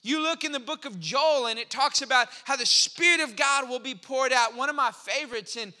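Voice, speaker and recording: A male pastor preaching a sermon in an animated, playful way, sometimes stepping into mock dialogue with his listeners. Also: very high voice, a little fast, in a large hall.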